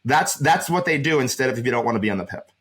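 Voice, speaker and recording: A man's voice: medium pitch, animated, quick pace, a bit bright, husky. Emphatic man, employment advisor. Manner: emphatic, repeats words when fired up. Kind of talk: animated podcast conversation.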